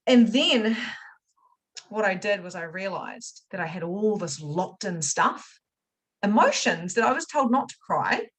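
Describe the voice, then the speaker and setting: A woman coach gives a spiritual money masterclass in a chatty, unfiltered way. She swears freely and speaks straight to her viewers. Her delivery swings between bursts of excited loudness and low, confiding asides, with her voice sitting at an ordinary middle pitch. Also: unhurried, slightly rough, rough recording. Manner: animated, jumps from loud excitement to quiet, confessional asides; casual swearing, chatty direct address. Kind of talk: motivational masterclass talk.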